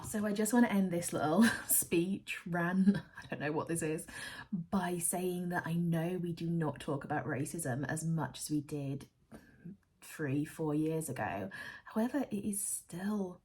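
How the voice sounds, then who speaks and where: A woman's voice: lowish voice, lively intonation, a little slow, slightly rough. A young woman talking candidly to camera in an emotional, rambling, confessional vlog. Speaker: bullet journal vlogger. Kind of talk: candid personal talk to camera.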